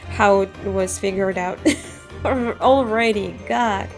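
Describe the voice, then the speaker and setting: A woman streamer making casual, laughing asides while playing a game. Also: mid-range voice. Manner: slow, laughing, chatty asides. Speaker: let's play streamer. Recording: game music behind voice.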